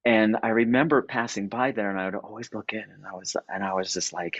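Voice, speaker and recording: A low-pitched man recounts his story in a halting, searching way, often repeating words before he finds them. The sound is dry and a little dull, like a modest mic with no room around it. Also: steady tone, no echo. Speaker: podcast guest. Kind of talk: personal storytelling.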